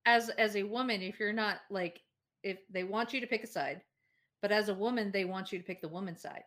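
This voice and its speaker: A woman's voice: medium pitch, fairly quick, fairly bright tone. A woman co-hosting a podcast, talking in casual chat, opinionated and laughing often. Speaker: podcast co-host.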